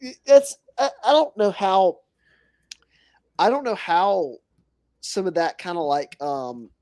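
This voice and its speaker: A man's voice: high voice, lively intonation, takes it slowly, a little mellow, no room sound. A man talking as a podcast guest in casual chat, rambling with many fillers.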